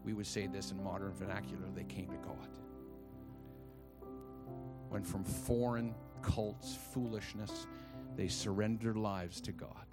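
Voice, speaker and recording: A man's voice: low voice, steady tone, measured pace, pauses often, music in the background. A man preaching a sermon in a church, emphatic and calling on the congregation to repeat after him. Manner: emphatic, calls for congregation response. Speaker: pastor.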